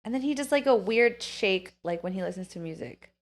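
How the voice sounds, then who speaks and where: A woman's voice: mid-range voice, animated, brisk. A woman co-hosting a podcast, telling a long gossip story in casual chat, full of "like" fillers. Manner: rambling storytelling, lots of "like" fillers. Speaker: podcast co-host.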